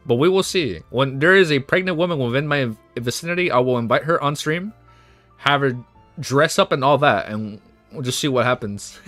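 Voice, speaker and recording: A man livestreaming, chatting casually and reading aloud, excitable and laughing often, saying "dude" a lot. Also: mid-range voice, no room sound.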